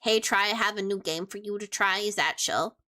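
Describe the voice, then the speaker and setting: A woman's voice: mid-range voice, brisk, sharp tone. A woman streamer with a childlike, youthful-sounding voice, chatting casually and playfully as she reads and answers her chat. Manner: playful and chatty, with teasing asides.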